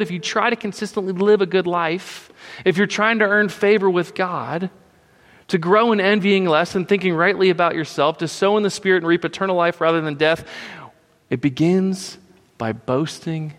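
A man's voice: high-pitched, a bit bright, long reverb tail. A man preaching a sermon, emphatic and repetitive, often checking in with "right?".

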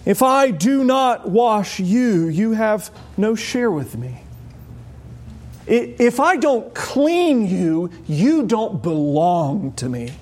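A man preaching a sermon voices Jesus as a patient, earnest adult man who explains things slowly. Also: high voice, very animated, a little mellow, exaggerated voice.

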